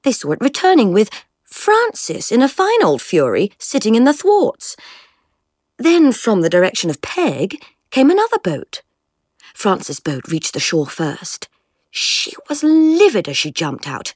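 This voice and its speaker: A woman narrating a story aloud in a lively, expressive manner. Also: fairly high pitch, measured pace, husky, dry recording, studio quality. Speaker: audiobook reader.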